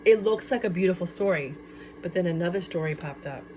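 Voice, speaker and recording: A woman giving a casual tarot card reading, chatty and excitable, often exclaiming at the cards. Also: fairly low pitch, fairly quick, a little hiss or hum. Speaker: tarot reader.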